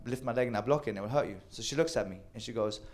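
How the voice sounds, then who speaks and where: A man telling a wild personal story with animated delivery, acting out quoted lines and swearing freely. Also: mid-range voice, rapid-fire. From Sweden. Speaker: storyteller on a comedy show. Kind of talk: live comedic storytelling.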